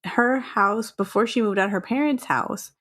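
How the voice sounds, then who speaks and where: Texan-ish woman cohost, chatty, laughs a lot, mid pitched voice. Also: normal speed, fairly bright tone. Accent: mild Texan. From Texas. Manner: chatty, laughs often, acts out lines. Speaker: podcast co-host. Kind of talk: casual chat.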